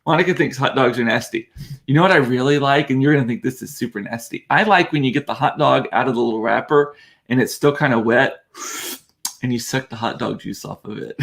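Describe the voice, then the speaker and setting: A man's voice: mid-range voice, a little fast, vocal fry, fairly bright tone. A middle-aged man, hosting a rambling, casual chat. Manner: rambling, chatty, self-amused. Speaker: show host. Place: warm room with door closed.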